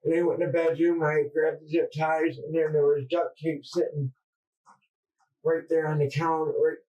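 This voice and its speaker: A man confessing under police interrogation, halting and distressed, stammering through restarts. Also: a little high, flat delivery, warm tone, dull audio. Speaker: murder suspect under interrogation. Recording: distant mic in interrogation room.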